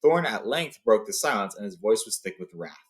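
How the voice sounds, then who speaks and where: A man reading a fantasy novel aloud, relaxed and loose, paraphrasing with fillers. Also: fairly low pitch, a little fast. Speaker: storyteller. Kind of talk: casual read-aloud of a novel.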